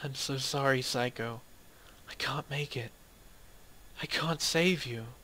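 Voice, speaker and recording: A man's voice: medium pitch, slow pace, sharp tone, pitched above the performer's own voice. A man voicing a frightened, tearful teenage schoolgirl who pleads in a breaking voice. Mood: despairing.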